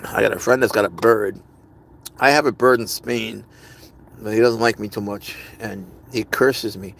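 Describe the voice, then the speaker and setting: A man's voice: lowish voice, steady tone, moderate pace, gravelly, fairly bright tone. A man hosting a live stream, chatting casually and rambling as he answers viewers' comments. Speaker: livestream host.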